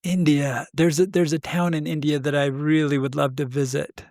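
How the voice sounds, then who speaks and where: A man co-hosting a podcast, telling a story in a casual, animated way, acting out quoted dialogue and laughing often. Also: on the high side, normal speed, dry recording, clean studio sound. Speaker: podcast co-host.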